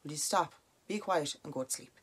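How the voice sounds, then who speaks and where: A blunt Irish father, low-voiced and short on patience, scolding a noisy household in the middle of the night, as a woman telling the story puts him on. The voice stays close to an everyday speaking voice, plain and exasperated. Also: brisk, fairly bright tone, breathy edge.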